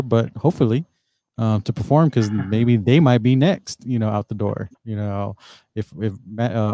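A man's voice: mid-range voice, warm tone, dry recording. A man on a podcast giving brief game picks in casual chat, with many fillers.

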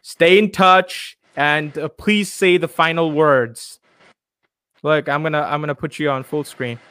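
A man's voice: a little high, fairly even intonation, measured pace, bright, forceful tone, smooth. A man from India, hosting a podcast in his home studio in a playful, upbeat way with many fillers. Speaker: podcast host. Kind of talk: casual podcast sign-off.

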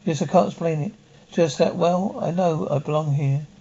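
A young wife entranced by an old house, speaking softly and wistfully. The recording sounds like a vintage television drama, with muffled, dull audio. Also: female voice, low-pitched, normal speed, creaky, slightly rough, heavily acted. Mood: dreamy. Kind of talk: 1970s television drama acting.

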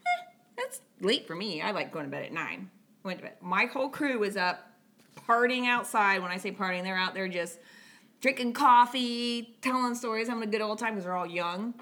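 A middle-aged woman fire captain telling a station story in casual talk, swearing freely and acting out her crew's lines. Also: medium pitch. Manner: profane, animated, acts out voices in quotes.

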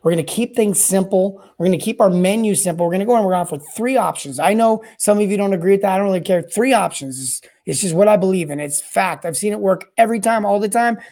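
Sitting high and moving quickly with hardly any pauses, a man's voice carries his solo podcast about plumbing service and sales. The host rambles energetically, repeating and restarting words often.

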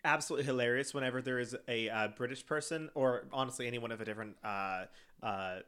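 A man's voice: medium pitch, fast talker, a bit bright, smooth. A young man with a Southern American accent, co-hosting a podcast in casual banter, rambling with lots of fillers and restarts and some swearing. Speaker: podcast co-host. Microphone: headphones and studio mic.

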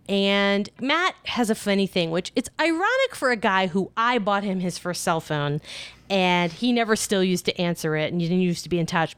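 Brief: woman storyteller, chatty and animated, conversational fillers, close dry recording. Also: smooth, no room sound. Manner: animated, voices quoted people with big pitch jumps. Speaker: podcast storyteller. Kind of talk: casual personal storytelling.

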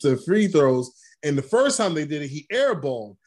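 A man with a somewhat high voice co-hosts a relaxed sports chat. He tells stories with energy and acts out other people's lines as he goes. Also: normal speed, a crowd in the background. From Brooklyn. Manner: animated storytelling, acting out quotes. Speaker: podcast co-host.

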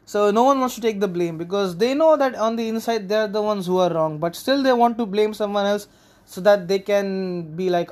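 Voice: mid-range voice, a little fast, darkish tone. Young podcaster ranting casually. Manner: rambling, ranting, frank and profane. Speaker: podcast host. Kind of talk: casual solo podcast monologue.

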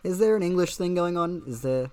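A man's voice: high-pitched, animated, a little fast, warm tone. Playful young male podcast host. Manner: teasing, playful, fillers and restarts. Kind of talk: casual chat.

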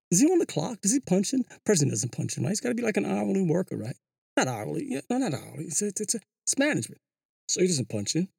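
A vlogger giving a casual monologue commentary. The delivery is animated and sing-song, full of slang, rhetorical questions and repeated words. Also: medium pitch, vocal fry, breathy edge, no room sound, studio quality. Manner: slangy, says "yo" and "you know" often. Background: hip hop music.

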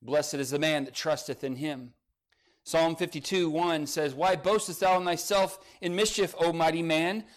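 A man preaching a sermon, rising to emphatic peaks and dropping to quiet, soft passages, and reading scripture aloud. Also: on the high side, fairly even intonation, moderate pace. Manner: reads scripture in old-style phrasing. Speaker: pastor.

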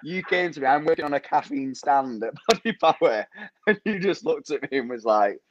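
A man's voice: fairly high pitch, expressive, a little fast, background noise. Laughing young man from Preston. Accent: Lancashire English. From Preston, England. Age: young adult. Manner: rambling storyteller, laughs often. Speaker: podcast guest. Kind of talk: casual chat. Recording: muffled lo-fi audio.

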